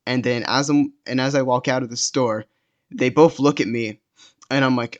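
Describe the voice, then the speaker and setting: A young man tells a story in a casual, rambling way, full of fillers and restarts. His voice sits at an average pitch. The recording sounds dull and lo-fi. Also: steady tone, moderate pace. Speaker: storytime vlogger.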